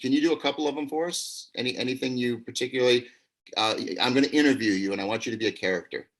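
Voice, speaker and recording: A man, an acting teacher, hosting a live improv show over a video call, upbeat and quick, laughing often. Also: mid-range voice, a bit bright.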